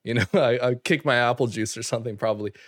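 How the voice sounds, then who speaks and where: A young man from Canada telling an animated story on a casual podcast, full of fillers and quick asides. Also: mid-range voice, dry recording, studio quality. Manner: animated storyteller, fast filler-heavy talk with laughs. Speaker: podcast co-host. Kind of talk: casual chat.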